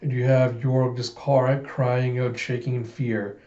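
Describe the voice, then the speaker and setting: A man's voice: medium pitch, flat delivery, measured pace, mellow. A man casually recapping a comic story with enthusiastic, rambling narration, in a roomy, dull-sounding recording. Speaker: comic readthrough host.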